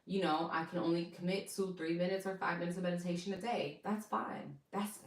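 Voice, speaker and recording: A woman's voice: fairly low pitch, steady tone, brisk, distant mic. Chatty woman vlogger in an echoey room. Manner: chatty, rambling, addresses viewers as y'all. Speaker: wellness vlogger. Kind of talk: casual advice to viewers.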